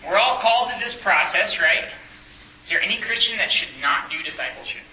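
A man's voice: high voice, lively intonation, a little fast, pushed and bright, echoey room, slight background noise, rough recording. A young man on a campus ministry staff, teaching a Bible study in a conversational way, asking the group questions and joking.

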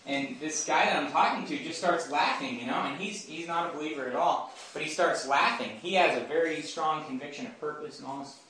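A somewhat high-voiced man teaching scripture in an informal, chatty way, often checking whether his listeners follow. He sounds far from the mic in a very echoey room with a faint background hum. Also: brisk, hardly any pauses, bright, forceful tone. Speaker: speaker at a campus Bible group. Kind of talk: conversational Bible teaching.

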